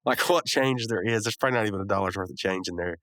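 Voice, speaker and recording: On a recording with no echo, a podcast host with a lowish, fairly bright voice talks fast. He recaps a cartoon episode casually, full of rambling asides, chuckles, and filler words.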